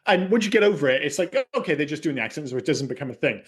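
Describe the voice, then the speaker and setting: Lively, opinionated man. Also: on the high side, rapid-fire. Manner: animated, opinionated and sweary. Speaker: podcast co-host. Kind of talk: casual film discussion.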